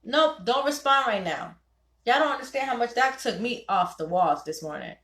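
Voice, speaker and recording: A young woman hosting a ladies' night call, giving animated, preachy advice and quoting her husband in voices. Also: a little high, moderate pace, reverberant. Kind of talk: casual talk to listeners.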